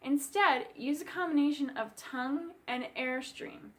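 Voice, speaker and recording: A woman bassoon teacher giving a clear, friendly instructional music lesson. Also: expressive, moderate pace, a bit bright.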